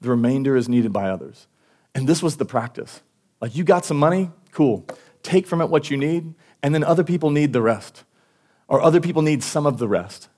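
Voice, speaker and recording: A pastor delivering a sermon at a church service, talking informally with many restarts and fillers. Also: male voice, a little high, expressive, a little fast, a little mellow.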